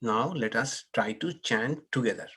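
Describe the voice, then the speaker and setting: A man teaching a scripture class as a swami, leading slow chants and explaining pronunciation in an online session. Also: medium pitch, pushed and bright, husky. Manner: slow measured chanting with repetitions. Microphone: online class, unmuting participants.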